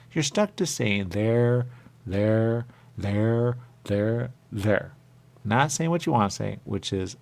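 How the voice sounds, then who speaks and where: A man talking in a rambling, repetitive radio monologue, dropping to whispers and jumping to sudden high exclamations. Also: gravelly, a little mellow. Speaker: radio host.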